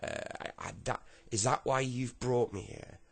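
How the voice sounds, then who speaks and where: A man playing a male police officer who talks calmly and coaxingly, urging someone to relax. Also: mid-range voice, moderate pace, vocal fry, pitched above the performer's own voice. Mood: brisk. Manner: reassuring, coaxing.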